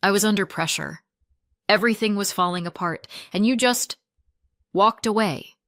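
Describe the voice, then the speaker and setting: A woman voicing a sugary, defensive sister who turns sharp and snappish, in a plain voice close to her own. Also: medium pitch, moderate pace, no room sound, natural voice. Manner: syrupy, then snapping.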